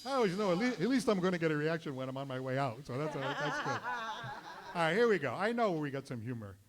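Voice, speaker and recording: A man's voice: on the high side, very animated, quick pace, a loud crowd. A man hosting a live variety show, delivering a stand-up comedy monologue and apologizing after his own jokes. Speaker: host. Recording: noisy live show recording.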